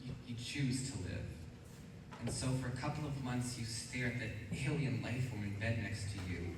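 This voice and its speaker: A man's voice: mid-range voice, moderate pace, lightly acted. A teenage boy on stage playing a lonely, wistful musical-theatre fan who confides rueful asides to the audience. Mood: confiding. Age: teens. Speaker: stage actor. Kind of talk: live stage musical acting. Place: large school auditorium stage. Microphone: distant stage recording. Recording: echoey hall from far off, audience noise.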